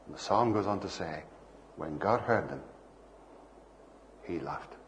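A man's voice: deep voice, expressive, unhurried, a little hiss or hum. An older man preaching a sermon, telling playful anecdotes and acting out bits of dialogue.

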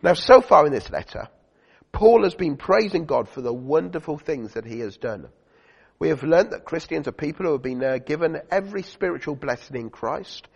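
Male preacher, chatty sermon voice, gravelly and husky, dull lo-fi recording. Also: a little high, animated, moderate pace. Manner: chatty, uses fillers and asks the congregation questions. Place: church. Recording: dull lo-fi recording in a reverberant church hall.

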